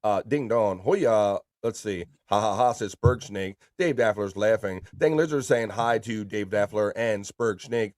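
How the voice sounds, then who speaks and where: A man's voice: on the low side, unhurried, hardly any pauses, dry recording, clean studio sound. Upbeat man hosting a live stream. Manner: upbeat, reads viewer comments with playful shout-outs. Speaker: livestream host. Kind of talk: casual livestream chat, reading chat aloud.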